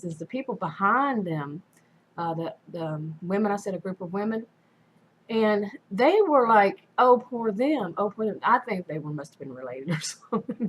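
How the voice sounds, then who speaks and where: A woman's voice: medium pitch, a little hiss or hum, low-quality recording. A woman casually telling a personal story in a rambling way, full of fillers and restarts. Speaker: vlogger.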